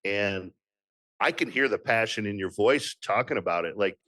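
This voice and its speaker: Man, podcast host, interview chat, encouraging, low pitch, dry recording. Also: normal speed, a bit bright, no room sound.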